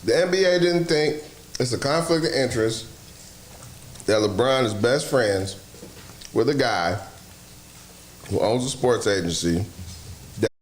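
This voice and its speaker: A man hosting a casual sports talk show, loud and profane, laughing often as he talks. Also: medium pitch, animated, a little slow, long pauses. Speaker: podcast host. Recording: roomy echo, faint noise.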